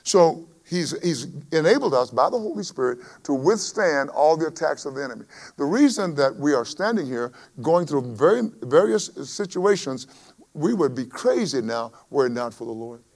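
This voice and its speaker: A man preaching a sermon, his delivery swelling loud on scripture and dropping low between. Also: sing-song, moderate pace. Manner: emphatic preaching that swells and drops in volume. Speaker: pastor.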